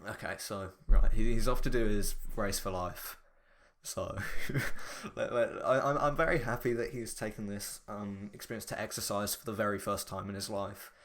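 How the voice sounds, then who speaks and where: Podcast host, man, casual chat, animated rambling delivery. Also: on the low side, moderate pace. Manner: animated, rambling, mock-outraged jokes.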